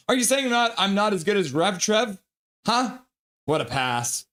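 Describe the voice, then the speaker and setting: Hype guy doing live hockey play-by-play on stream, a bit high voice, swears a lot, reads chat. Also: measured pace. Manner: excitable, swears, reads chat comments aloud.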